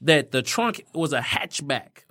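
Podcast host guy, easygoing storyteller, a bit high voice, dry sound. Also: big pitch swings, measured pace, fairly bright tone, dry recording. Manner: storytelling, easygoing, frequent "man" and "you know". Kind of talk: casual conversation.

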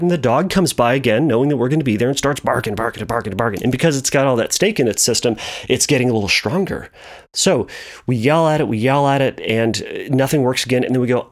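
Animated man telling a teaching story. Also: medium pitch, fast. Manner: animated, repetitive and playful. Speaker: speaker explaining anxiety. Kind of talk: storytelling metaphor lesson.

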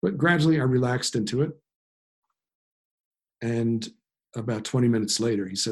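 A man's voice: mid-range voice, expressive, normal speed, slightly rough. A man telling a personal story in a reflective, self-deprecating way. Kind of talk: personal anecdote.

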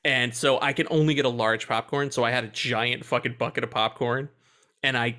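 A man's voice: mid-range voice, fairly quick. A man co-hosting a casual movie podcast, joking and swearing freely. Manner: animated, profane, joking. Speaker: podcast co-host. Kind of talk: casual chat.

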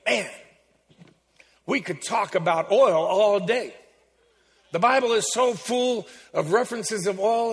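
A man preaching a sermon in a church, exuberant and joking with the congregation, building up to shouts. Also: high-pitched, long reverb tail. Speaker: pastor.

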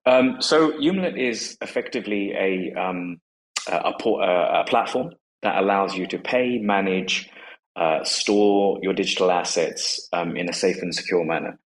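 A man's voice: low voice, unhurried, low-quality recording. A man in his forties talking casually as a guest, hesitant and full of fillers and restarts. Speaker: guest, company co-founder. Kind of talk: casual conversation on a live audio space.

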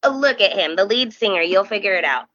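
A young woman hosting a podcast, telling a story in casual chat and acting out the quoted voices with high, animated bursts. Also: fast, dry recording, muffled recording. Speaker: podcast host.

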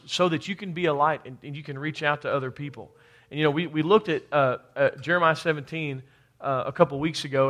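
A man's voice: a little high, fairly bright tone. A man preaching a sermon, calling for amens from the congregation and repeating words as he builds a point. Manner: call-and-response preaching, rising to emphatic bursts. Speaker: pastor.

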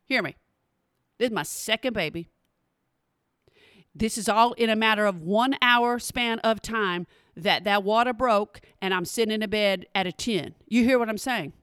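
A woman, telling a personal story in an animated, emphatic way and speaking straight to her listeners. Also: medium pitch, normal speed, smooth, no room sound, clean studio sound.

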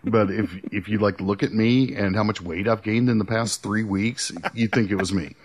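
A man's voice: on the low side, steady tone, normal speed. A middle-aged man co-hosting a podcast in casual banter, rambling and stammering through crude jokes. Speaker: podcast co-host.

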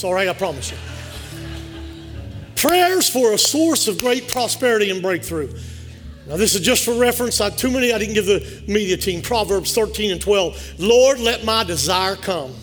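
A male pastor preaching a sermon in a church, leading call-and-response and building up to fervent shouts. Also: high-pitched. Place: church sanctuary.

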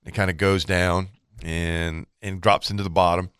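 A man co-hosting a fishing show, telling a long hunting story in a relaxed, chatty way and acting out what each person said. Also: sits low, moderate pace, clear, resonant tone, dry recording, clean studio sound. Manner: animated storyteller, acts out quoted exchanges. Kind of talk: casual storytelling.

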